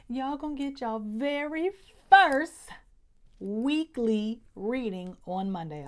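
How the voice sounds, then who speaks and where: A woman's voice: mid-range voice, darkish tone, a little hiss or hum. A woman with speech giving a casual, chatty monthly tarot reading as host, full of slang and frequent "okay?" check-ins. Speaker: tarot reader.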